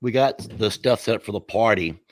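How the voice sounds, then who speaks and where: Easygoing low-voiced man. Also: brisk, slight background noise. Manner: relaxed, rambling, self-correcting. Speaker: host. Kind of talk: casual chat. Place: home and backyard. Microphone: laptop mic.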